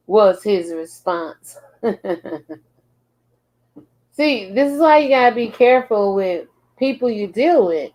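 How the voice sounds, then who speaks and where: A woman's voice: medium pitch, darkish tone. A woman hosting a casual commentary show, reading posts aloud and reacting with frequent laughs. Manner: slow, drawling, laughs often. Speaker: commentary channel host.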